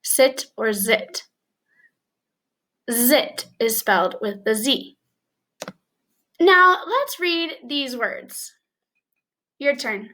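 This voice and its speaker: Bright high-voiced reading teacher. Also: female voice. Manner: slow, clear, encouraging classroom delivery with bits of Spanish. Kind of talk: early reading lesson for young children.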